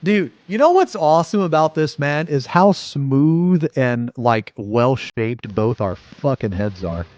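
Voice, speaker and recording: A man in his forties, a streamer chatting casually and rambling excitedly with lots of swearing. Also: medium pitch, a little slow, hardly any pauses, no room sound, dull audio. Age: 40s. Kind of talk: casual live-stream reaction chat.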